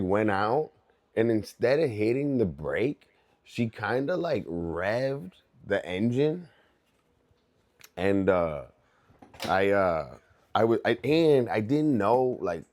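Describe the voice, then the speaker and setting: A man's voice: fairly low pitch, a little mellow. A young man chatting casually on a livestream as he works on his art, telling rambling stories full of swearing and loose asides. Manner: rambling, profane, loose storytelling. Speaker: artist livestreaming.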